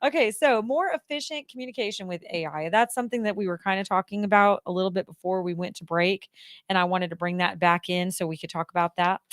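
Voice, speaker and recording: A woman's voice: medium pitch, fast talker, no room sound. Chatty jokester lady hosting a radio show, dry studio mic. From United States. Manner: jokey, chatty, laughs at herself. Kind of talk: casual radio talk.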